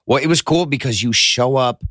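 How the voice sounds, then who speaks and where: A man on a podcast as a comedian guest, telling stories in a lively, profane, casual way. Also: medium pitch, normal speed, dry recording, clean studio sound. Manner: animated, profane storyteller.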